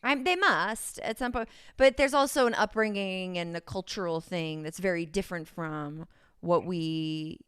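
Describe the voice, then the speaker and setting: A woman's voice: fairly low pitch, measured pace, a bit bright, smooth, no echo, studio quality. A woman with a Californian accent, a podcast guest who rambles and giggles through casual chat, full of ums. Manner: rambling, giggly, many fillers.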